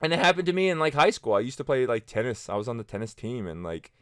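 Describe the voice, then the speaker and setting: A man's voice: mid-range voice, very animated, fast talker, fairly bright tone, clear, resonant tone, no echo, clean studio sound. A man in his thirties telling personal stories casually to camera, rambling with many fillers and restarts. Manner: acts out friends' lines in quoted voices. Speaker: vlogger.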